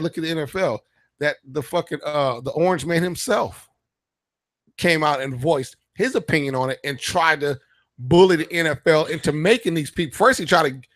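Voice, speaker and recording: A man's voice: on the high side, fairly bright tone, dry recording, clean studio sound. A man hosting a radio show, ranting in a heated, profane, emphatic way in casual talk. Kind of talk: casual political rant.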